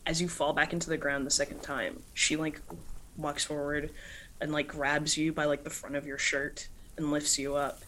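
A woman's voice: sits low, flat delivery, moderate pace, a bit bright, slight background noise. A woman narrating as game master in a casual way, with many filler words.

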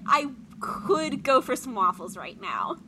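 A woman's voice: on the high side, big pitch swings, a little slow, sharp tone, slight background noise. A woman player chatting offhandedly in character talk. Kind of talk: casual tabletop play.

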